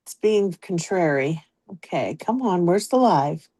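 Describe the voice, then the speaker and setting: A woman from Pittsburgh, USA, with the local accent hosts a live stamping craft stream, chatting casually and greeting viewers by name. Her voice is lowish, animated and dark in tone, and she speaks at a measured pace.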